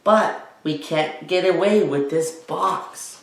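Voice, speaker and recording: A man's voice: on the high side, takes it slowly, vocal fry. A man voicing a stubborn little boy who whines and haggles to keep his toys, read aloud in a roomy space. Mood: scheming. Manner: whiny, dramatic, wheedling. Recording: roomy echo.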